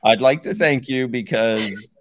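A man's voice: medium pitch, a little slow, dry recording. Male guest, teasing yet sincere, mid-range voice, dead-dry recording. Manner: playful, warm-hearted, earnest gratitude. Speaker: guest speaker. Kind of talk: casual conversation.

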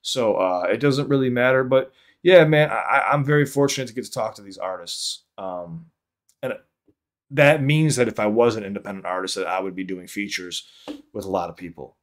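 A man with a lowish voice talks loosely to his live stream audience. He rambles, stops and restarts his sentences, and swears casually. He sounds like he is speaking into a desk mic at a home setup. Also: normal speed. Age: under 50. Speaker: livestream reaction host. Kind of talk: casual livestream chat.

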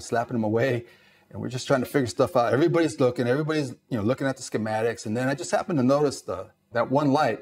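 A man from East Los Angeles, a Navy veteran, telling stories in an interview and acting out the dialogue. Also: medium pitch. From East Los Angeles, USA. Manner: animated storyteller, acts out dialogue, lots of "you know". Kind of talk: storytelling interview.

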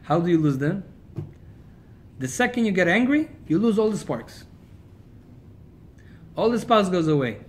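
Brief: rabbi lecturing, lively storyteller, higher male voice. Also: unhurried, long pauses, a little hiss or hum. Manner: animated storyteller, swings between loud and quiet.

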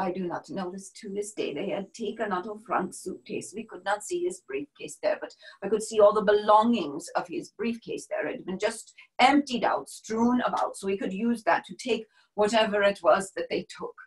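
A woman performing a first-person dramatic monologue as a brave wartime helper, grave and measured, sometimes dropping to a hushed whisper. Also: medium pitch, lightly acted, low-quality recording. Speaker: stage performer.

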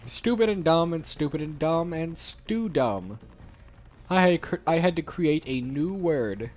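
Male gaming host, playful and silly, affected light British tone, unhurried delivery. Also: on the high side, expressive, darkish tone, soft background music. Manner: playful, joking, mock-posh slightly British affectation. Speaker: let's play host. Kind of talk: casual gameplay commentary.

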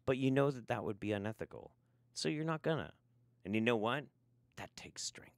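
A man's voice: mid-range voice, expressive, brisk, no room sound. A man hosting a casual livestream, sarcastic, swearing freely and laughing often. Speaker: livestream host.

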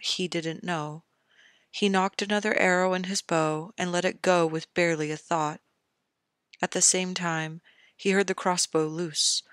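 Slow, measured podfic narrator. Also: mid-range voice, fairly bright tone, no room sound, clean studio sound. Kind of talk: fan fiction audiobook reading.

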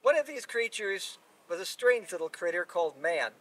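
A man telling a folk tale aloud in an unhurried, relaxed way. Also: high-pitched. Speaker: storyteller. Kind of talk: live oral storytelling. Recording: distant mic at live telling.

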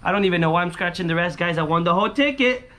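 Talking rapid-fire, a young man narrates his scratch-off lottery vlog in a casual, excited way. He keeps coming back to catchphrases such as "holy smokes" and "booyah," and he breaks into high, sing-song yells whenever he wins.

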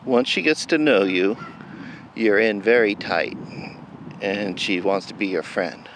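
A man's voice: lowish voice, a little slow, fairly bright tone, slight background noise. A man presenting adoptable shelter dogs in an upbeat, chatty, playful way, as scripted narration for an adoption video. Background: background music.

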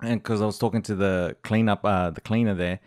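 A man's voice: fairly low pitch, steady tone, fairly quick, darkish tone, no room sound, studio quality. A man hosting a podcast, telling a story in casual chat with lots of fillers and bursts of laughter. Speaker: podcast host. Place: podcast studio.

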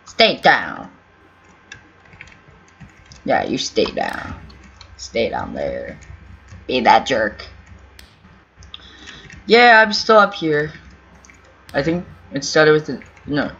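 A man's voice: mid-range voice, sing-song, slow pace, long pauses, sharp tone, a little hiss or hum. A man giving casual, rambling commentary over his own gameplay, talking to himself and pleading with other players, with keyboard typing behind him. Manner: rambling, self-talk, pleading and teasing. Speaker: gaming YouTuber. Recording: dull lo-fi audio with faint game music. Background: keyboard typing and faint music.

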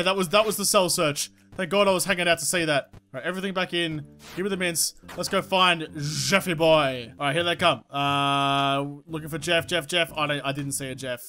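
A woman giving excitable, swear-filled let's-play commentary, talking to herself and the game. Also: sits low, a little fast. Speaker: gaming YouTuber. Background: game music.

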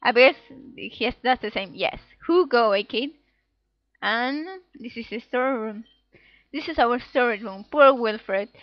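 With a fairly high, animated voice and a slightly slow delivery, a woman gamer narrates her playthrough in a playful, giggly way. She voices the game's dialogue in little character voices; the home recording is dull and dry, free of echo.

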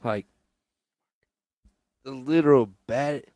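A man's voice: medium pitch, takes it slowly, a little mellow, no echo. A man on a casual comedy podcast, bantering loosely with his co-hosts. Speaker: podcast co-host.

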